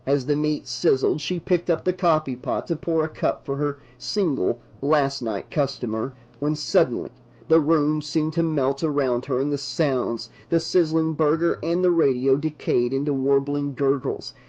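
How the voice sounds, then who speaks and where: A man reading a horror novel aloud as an audiobook narrator, in measured, dramatic narration. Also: on the high side, darkish tone, muffled recording.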